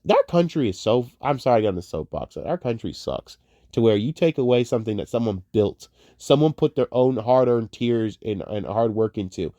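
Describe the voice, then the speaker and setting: A young man ranting casually about movies, profane and heated, wandering off on tangents and swinging between muttering and loud outbursts. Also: mid-range voice, no echo, highs cut off. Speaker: online commentator.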